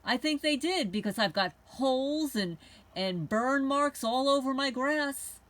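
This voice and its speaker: A woman's voice: high voice, lively intonation, a little slow. A woman hosting a homesteading channel, talking to camera in a heated, indignant monologue and swearing now and then. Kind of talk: rambling angry monologue to camera.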